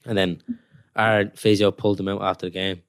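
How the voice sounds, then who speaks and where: Low-voiced footballer, rambling. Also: male voice, little pitch movement, brisk, clear, resonant tone, no room sound, studio quality. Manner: rambling storytelling with many "like"s. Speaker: professional footballer. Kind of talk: casual podcast chat.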